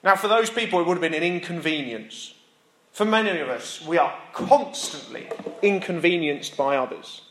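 A man's voice: a little high, lively intonation, moderate pace, a bit bright, reverberant. A British man preaching a sermon in a church, conversational, with asides and self-mocking laughs. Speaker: pastor.

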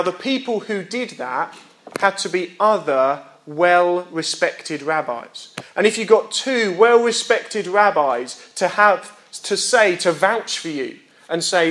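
Young male preacher, high voice, explanatory sermon delivery, asks the audience questions. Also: fairly bright tone. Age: young adult. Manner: explains and checks in with listeners; reads scripture aloud and voices rhetorical questions.

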